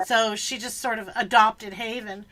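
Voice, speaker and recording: A chatty woman hosts a casual talk, her voice slightly high and very bright. She tells her story loosely and drops in plenty of ums. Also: fairly even intonation, moderate pace. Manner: chatty storyteller, filler-heavy. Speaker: podcast host. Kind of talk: casual chat.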